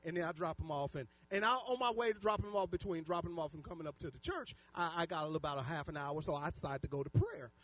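A man preaching a sermon, telling stories animatedly and swinging from loud outbursts to hushed asides. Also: a little high, lively intonation, fast, hardly any pauses. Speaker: pastor. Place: church.

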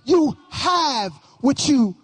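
A man's voice: very high-pitched, very animated, extremely slow, fairly bright tone. A male pastor preaching a sermon with emphatic, sing-song cadence and frequent repetition.

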